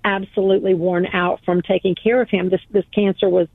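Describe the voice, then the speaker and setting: Speaking fairly quickly with little pitch movement, a guest author shares a personal story over the phone during an interview. Her mid-range voice is earnest and emphatic, and she repeats phrases to give them weight. The call is tinny and dry, without any room sound.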